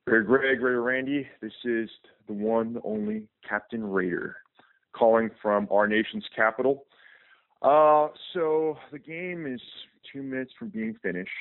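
A man's voice: medium pitch, a little slow, vocal fry, dry recording. A man calling in to a fan radio show, theatrical and self-introducing. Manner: theatrical, opens by reciting a fight song. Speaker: caller. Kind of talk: phone call-in. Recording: tinny phone line, dry.

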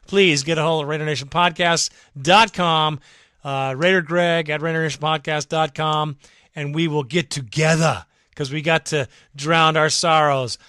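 A man's voice: fairly high pitch, pushed and bright, clean tone, no room sound, studio quality. A man hosting a fan podcast, ranting with emotion and profanity, his voice worn out. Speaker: podcast host. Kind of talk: impassioned fan podcast rant.

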